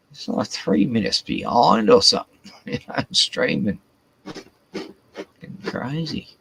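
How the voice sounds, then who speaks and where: A man's voice: low voice, vocal fry, a bit bright, husky, poor audio. A man, hosting a casual, rambling live stream, swearing a lot and chatting to his dogs, with a cough.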